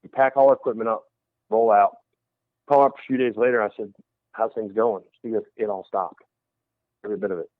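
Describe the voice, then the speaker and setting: A man's voice: fairly low pitch, fairly quick, pauses often, no echo. A man who is a paranormal investigator tells a story in a radio interview, acting out the other people's voices as he goes. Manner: animated storyteller who acts out quoted voices. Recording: tinny phone line, dry.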